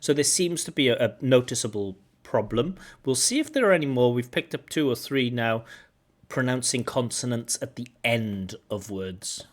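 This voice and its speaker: A man with a mid-pitched voice talks as a speaking examiner giving feedback. He explains mistakes in a teacherly way and slowly sounds out the correct pronunciation to model it. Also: lively intonation. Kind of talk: exam feedback commentary.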